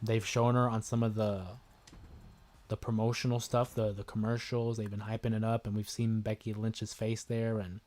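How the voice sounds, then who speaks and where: Excitable man commenting on a live stream. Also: fairly low pitch, moderate pace. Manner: chatty, excitable, yells at the game. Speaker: gaming livestream host. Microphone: desk microphone with headphones listeners.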